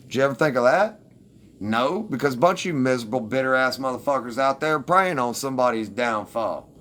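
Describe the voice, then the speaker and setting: A man's voice: medium pitch, expressive, brisk, fairly bright tone. A man ranting defensively and with heavy profanity at his livestream commenters.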